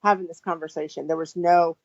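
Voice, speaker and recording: A podcast co-host chatting casually and haltingly, with restarts and fillers. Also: mid-range voice, fairly even intonation, no room sound, dull audio.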